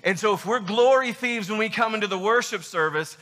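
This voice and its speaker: Bright-voiced emphatic male preacher. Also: sits high, fairly quick, in a large hall. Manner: emphatic, emotional, rhetorical questions. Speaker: pastor. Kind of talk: sermon.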